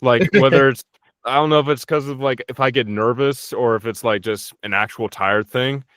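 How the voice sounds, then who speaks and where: A man's voice: medium pitch, fairly even intonation, fairly quick, fairly bright tone, clean tone, no echo, clean studio sound. A young man, a voice actor, chatting casually and jokingly in an interview, swearing freely. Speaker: voice actor guest.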